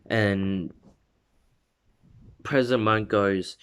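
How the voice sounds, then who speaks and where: A man's voice: deep voice, fairly even intonation, takes it slowly, pauses often, a bit bright, smooth. A man casually retelling a fan-made story, rambling with lots of fillers and self-corrections.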